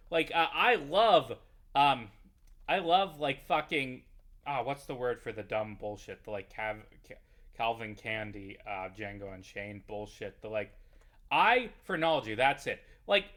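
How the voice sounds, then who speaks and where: A man's voice: medium pitch, animated, moderate pace, a bit bright. A man giving a heated, profane, rambling rant over his gameplay. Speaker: YouTuber playing a game. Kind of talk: ranting gameplay commentary.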